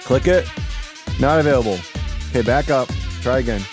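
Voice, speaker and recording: A man's voice: medium pitch, normal speed, over music. A man hosting a live stream, chatting casually and joking while reacting to videos. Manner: laughing, joking, lively. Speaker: stream host.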